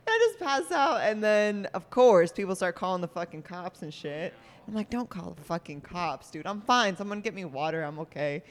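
A woman's voice: lowish voice, moderate pace, hardly any pauses, in a large hall. A woman in casual chat telling a story, swearing freely and acting out what people said. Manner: swears a lot, lively retelling with quoted lines.

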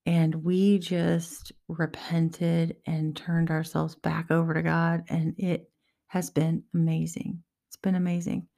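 A woman's voice: low-pitched, little pitch movement, slow pace, vocal fry, warm tone. A woman giving an earnest, heartfelt personal faith talk to her viewers, encouraging them. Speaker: Christian vlogger.

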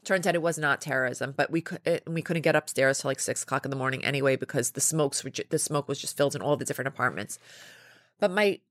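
A woman in her forties, a podcast guest, telling lively stories in casual chat with quick restarts and laughs. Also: extremely low pitch, no room sound, clean studio sound. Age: 40s. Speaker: podcast guest, company founder.

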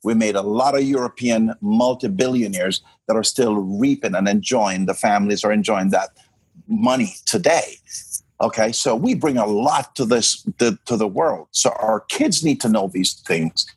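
A man's voice: lowish voice, lively intonation, moderate pace, breathy edge, dry recording. A man from Jamaica co-hosting a podcast, talking in an emphatic casual way and often restarting his words. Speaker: podcast co-host. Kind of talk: casual chat.

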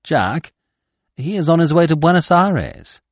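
A man's voice: on the high side, very animated, unhurried, no room sound, clean studio sound, pitched above the performer's own voice. A man reading aloud, voicing a proud and dignified widow in a storybook mystery. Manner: dignified, emotional. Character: proud, resolute grieving older widow.

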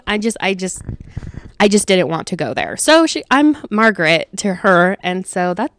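A woman's voice: mid-range voice, moderate pace, no room sound. Candid young woman venting, dry sound. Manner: candid, dramatic, swears freely; acts out conversations in lively voices. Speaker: vlogger venting about work. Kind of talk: casual venting monologue.

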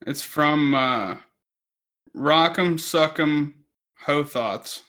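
A man's voice: a little high, very slow, fairly bright tone. A man co-hosting a podcast, telling a rambling story in casual chat, swearing constantly. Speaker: podcast co-host.

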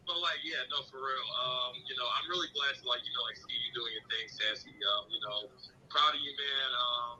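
A man's voice: medium pitch, moderate pace, pushed and bright. A man calling in to a podcast, rambling and full of fillers. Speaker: caller. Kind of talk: casual phone call-in. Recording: phone call with background noise.

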